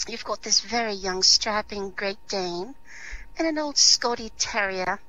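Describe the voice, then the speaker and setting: A woman who works as a DJ telling a joke on stage in a casual, halting way. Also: medium pitch, pushed and bright, rough recording. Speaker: amateur comedian, DJ.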